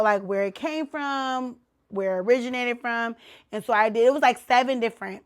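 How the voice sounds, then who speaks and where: A woman hosting her own podcast in casual chat, animated and a little tipsy, with loud exclamations and slang. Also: on the high side, clear, resonant tone. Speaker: podcast host.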